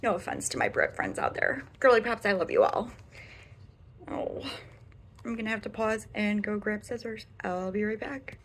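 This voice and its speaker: A woman's voice: medium pitch, animated, normal speed, pauses often, slight background noise. A young woman from the American Midwest with a Midwestern accent, chatting through a casual makeup review vlog in her bedroom, rambling and often slipping into a whisper. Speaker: beauty vlogger.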